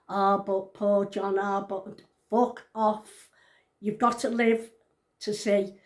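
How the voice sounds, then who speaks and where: A woman in her sixties with a slightly raised voice chats straight to camera in a casual vlog. She is blunt and outspoken, swears without apology and hammers her points home by saying them twice. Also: on the high side. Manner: emphatic, repeats points. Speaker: vlogger.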